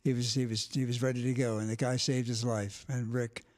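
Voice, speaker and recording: A man's voice: mid-range voice, little pitch movement, brisk, darkish tone. An older man, a retired sports director and guest, telling stories in a blunt, emphatic, outspoken way. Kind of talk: casual storytelling.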